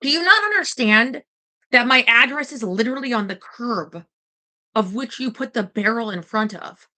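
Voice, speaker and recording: A woman's voice: a little high, lively intonation, moderate pace, bright, forceful tone. A woman venting in a casual vlog, indignant and profane, rambling with restarts. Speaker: vlogger.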